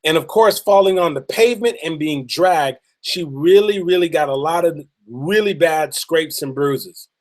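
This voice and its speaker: A man giving a motivational talk, telling a story in an earnest, emphatic way and drawing out key words slowly. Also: on the high side. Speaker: motivational speaker.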